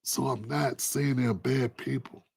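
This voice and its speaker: A man hosting his own political commentary livestream, talking in an animated, preachy, colloquial way. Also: mid-range voice, measured pace, gravelly, breathy edge, dry recording. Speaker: livestream host.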